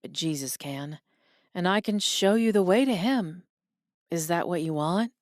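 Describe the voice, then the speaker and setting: A woman voicing a male pastor who speaks calmly and patiently, guiding a dying man. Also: on the low side, unhurried, no echo, studio quality. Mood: gentle. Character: calm gentle male pastor.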